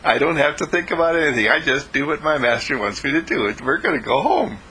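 A man voicing a cheerful, playful male dog who is eager to please, speaking in an excited, bubbly way and repeating himself. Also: a little high, a little fast, slight background noise, voice pushed up. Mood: happy, excited.

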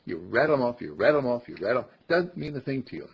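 A man with a gravelly, husky voice teaching a small group on spirituality, speaking slowly and emphatically and repeating phrases like a chant. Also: medium pitch, sing-song. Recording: dull lo-fi recording.

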